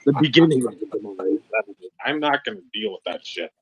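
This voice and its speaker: A man's voice: on the low side, animated, brisk, a crowd in the background. A middle-aged man co-hosting a podcast, talking bluntly and swearing freely in casual chat. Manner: blunt and profane. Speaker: podcast co-host. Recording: dull, lo-fi sound.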